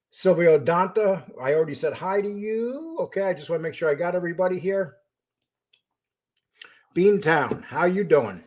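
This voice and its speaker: Husky-voiced older man hosting a stream. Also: fairly high pitch, a little mellow. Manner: greets viewers by name, then turns confrontational. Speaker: host of a live stream show. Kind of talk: casual live-stream talk.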